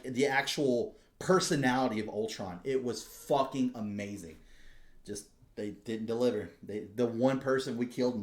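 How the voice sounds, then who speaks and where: A man co-hosting a podcast, telling stories in an excitable, profane casual chat. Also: mid-range voice, reverberant. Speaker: podcast co-host.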